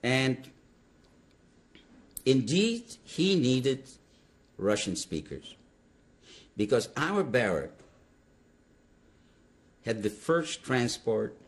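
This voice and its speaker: An older man, a Holocaust survivor, recounting his memories to an interviewer in emphatic, animated storytelling. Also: mid-range voice, extremely slow, pauses often. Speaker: Holocaust survivor giving testimony.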